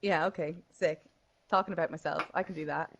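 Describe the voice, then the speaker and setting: A woman's voice: deep voice, steady tone, a little fast, gravelly, lo-fi sound, slight background noise. A woman, co-hosting a casual podcast chat, laughing often and swearing freely. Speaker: podcast co-host.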